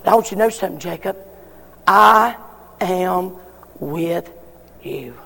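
A man voicing God in a sermon, speaking in a hushed, slow way. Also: high-pitched, gravelly, in a large hall, voice pushed down, heavily acted. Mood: tender. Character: God speaking tenderly to a sinner.

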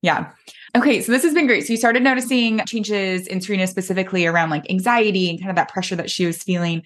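A woman's voice: medium pitch, fairly even intonation, quick pace. A woman hosting a podcast interview as a mental performance coach, encouraging and enthusiastic as she affirms her guest.

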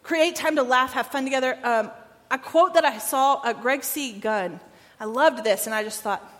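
High-voiced woman preaching in a hall. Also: normal speed, a bit bright. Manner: conversational and emphatic, repeats phrases, asks "right?". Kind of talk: sermon. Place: church sanctuary.

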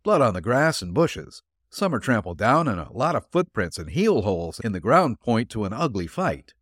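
A sly backwoods hunter talks in a folksy, glib drawl, as a male narrator puts him on. His voice runs low and lively, bobbing up and down. The storybook reading sounds dry and close. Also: moderate pace, no room sound. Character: shifty rustic hunter, middle-aged man.

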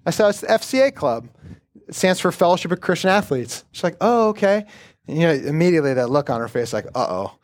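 A man's voice: on the high side, expressive, fast talker, no room sound. A middle-aged male pastor preaching and praying in an earnest, conversational way. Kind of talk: sermon with prayer.

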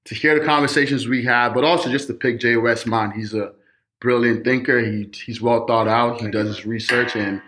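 A man's voice: medium pitch, fairly even intonation, normal speed, fairly bright tone. A man co-hosting a podcast, talking casually and playfully with loose slang. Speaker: podcast co-host.

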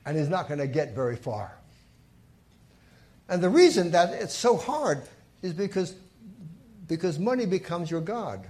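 A man's voice: high-pitched, big pitch swings, measured pace, pauses often, darkish tone. A man preaching a sermon in a church, telling stories and stressing key points with rising emphasis. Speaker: pastor.

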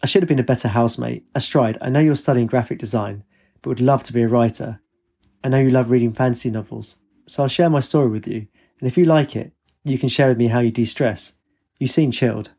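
A man's voice: mid-range voice, fast, vocal fry, mellow, breathy edge. A man voicing a chatty, eager young female student. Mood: earnest. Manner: chatty, eager, sarcastic at times. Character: lively young woman student, party girl.

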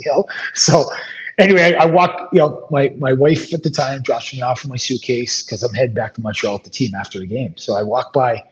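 A middle-aged man spins long stories of his playing days in a relaxed, rambling way, full of fillers and restarts. His voice sits in an ordinary middle range. The audio sounds dull and lo-fi. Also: mid-range voice, a little fast. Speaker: former professional hockey player, guest. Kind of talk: casual storytelling interview.

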